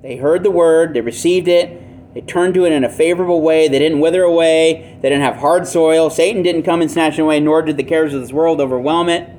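A man's voice: fairly high pitch, fairly quick, a little mellow, slight background noise. A man preaching a sermon in an earnest, plainspoken way, with self-deprecating asides. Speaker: pastor.

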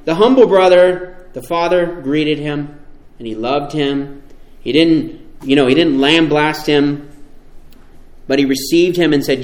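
A man preaching a sermon, emphatic and animated, often asking his listeners rhetorical questions. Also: a little high, moderate pace, roomy sound.

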